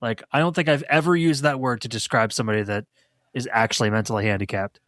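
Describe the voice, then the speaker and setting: A man's voice: medium pitch, steady tone, fast, fairly bright tone, dry recording, clean studio sound. Laid-back rambling man on a podcast. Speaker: podcast co-host. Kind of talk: casual chat.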